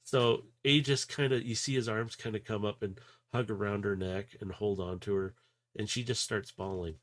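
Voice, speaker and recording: A man narrating as game master in a relaxed, rambling, hesitant way. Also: fairly low pitch, normal speed. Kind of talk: narrating a tabletop role-play.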